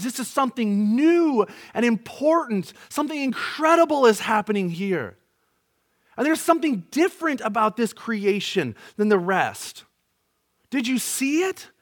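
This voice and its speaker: A man with a high, light voice preaches with earnest emphasis. He leans on rhetorical questions and presses his points home to the people listening. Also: a bit bright. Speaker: pastor. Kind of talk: sermon. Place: church, to an online audience.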